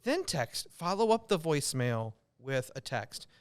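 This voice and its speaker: An American man hosting a podcast, giving advice in a loose, filler-heavy way that gets animated when he makes a point. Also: on the high side, measured pace, clear, resonant tone. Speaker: podcast host, real estate coach. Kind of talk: casual podcast chat giving tips.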